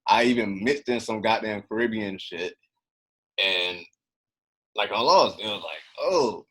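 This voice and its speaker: Young man, podcast co-host, low voice, profane animated storytelling. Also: measured pace. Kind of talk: casual storytelling chat.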